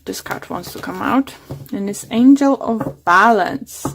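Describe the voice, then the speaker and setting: A woman's voice: medium pitch, measured pace. Woman tarot reader losing her voice. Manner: hesitant, many fillers and restarts. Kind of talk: casual tarot reading monologue.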